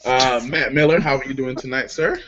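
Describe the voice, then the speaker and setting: A man's voice: medium pitch, a little fast, crowd noise. A man hosting a casual online beer chat show, joking and laughing as he introduces guests. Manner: lively, laughs often, loose and joking. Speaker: podcast host. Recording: lo-fi online call audio.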